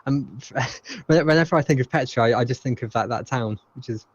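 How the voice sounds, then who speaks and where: A man's voice: medium pitch, a little fast, breathy edge, no echo, dull audio. Stammering man on a dry, close mic. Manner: stammers, repeating words. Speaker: podcast co-host. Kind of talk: casual podcast chat.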